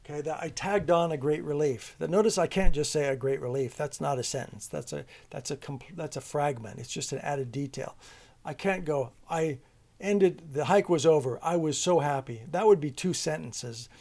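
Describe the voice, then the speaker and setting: A man's voice: on the high side, moderate pace, creaky, a little mellow. A man teaching a homeschool grammar lesson, explaining it as a loose, conversational story with many restarts.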